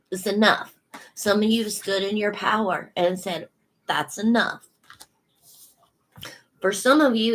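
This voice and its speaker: Slow sassy lady reading tarot for her viewers, emphatic and blunt. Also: medium pitch, fairly bright tone, rough recording. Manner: sassy, emphatic, laughs often. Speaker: tarot reader. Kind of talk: casual spiritual tarot reading.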